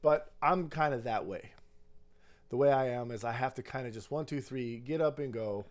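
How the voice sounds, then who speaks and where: A young man co-hosting a faith podcast, chatting casually and telling lively stories with frequent laughter. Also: medium pitch, moderate pace. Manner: animated storyteller, laughs often. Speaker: podcast co-host.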